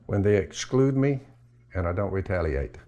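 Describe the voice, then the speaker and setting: A man's voice: deep voice, animated, normal speed, mellow, dull audio. An older man with a Southern US accent giving a folksy sermon, drawling and acting out both sides of an imagined talk. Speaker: preacher.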